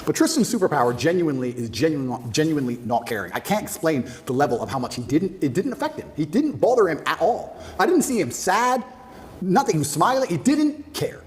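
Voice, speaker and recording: A man as a podcast guest, telling a story in an animated way, laughing as he goes. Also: a little high, fast. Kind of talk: storytelling in an interview.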